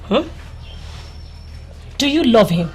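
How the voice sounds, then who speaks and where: A playful young village girl with a Nigerian accent, her voice a bit husky and fairly high. She chats and teases with lively, wide pitch. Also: slow pace, heavily acted. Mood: probing. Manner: teasing, chatty, laughing. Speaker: actor. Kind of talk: film drama acting.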